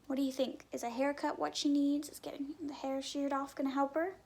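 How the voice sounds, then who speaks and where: A woman reading a picture book aloud to children, asking them gentle questions and often dropping to a whisper. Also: high-pitched, flat delivery, fairly quick, hardly any pauses. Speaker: story time reader.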